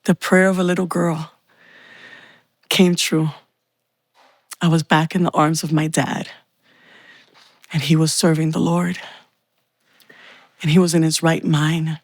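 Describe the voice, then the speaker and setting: A woman's voice: deep voice, level tone, a little slow, pauses often, no room sound. A woman telling her personal faith testimony in an earnest, heartfelt way. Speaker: testimony speaker.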